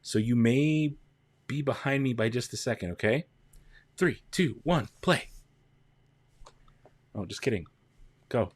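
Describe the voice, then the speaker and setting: A man's voice: mid-range voice, expressive, measured pace, pauses often, no room sound. A man hosting a casual livestream, chatting with viewers, greeting them by name and counting down. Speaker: livestream host.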